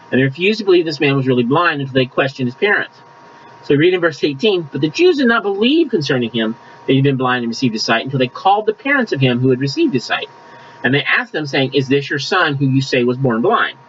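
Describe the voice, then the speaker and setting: Lively, slightly raised male preacher. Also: on the high side, dull audio, a little hiss or hum. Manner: conversational preaching with scripture reading, coughs at times. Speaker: pastor. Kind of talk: sermon.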